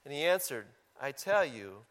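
Conversational preacher with a higher voice. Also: male voice, sing-song, moderate pace, fairly bright tone. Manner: conversational, asks the congregation questions. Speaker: pastor. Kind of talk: sermon.

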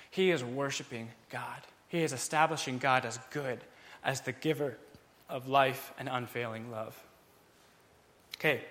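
Bright-voiced man teaching from the Bible. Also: medium pitch. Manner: animated, acts out the psalmist's feelings.

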